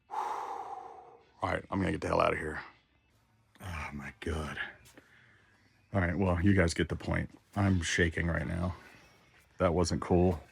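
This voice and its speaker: A man's voice: sits low, creaky, slightly rough. A middle-aged man from Texas talking candidly and with plenty of swearing in a casual vlog as he walks around. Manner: candid and profane, talks while walking. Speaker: vlogger. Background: a dog barking.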